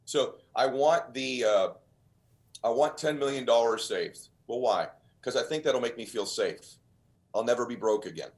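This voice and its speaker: A man as a podcast guest, telling motivational stories in an earnest, emphatic, almost preacher-like way. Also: mid-range voice. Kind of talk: motivational storytelling.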